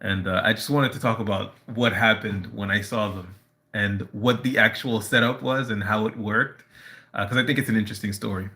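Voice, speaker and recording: A man on a casual live stream, telling a personal story in a halting way, full of fillers and restarts. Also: on the low side, steady tone, pushed and bright.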